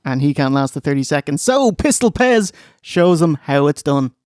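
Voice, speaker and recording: A man's voice: a little high, sing-song, normal speed, darkish tone, clear, resonant tone, no room sound. A man co-hosting a podcast, narrating a recap with wry, dry asides.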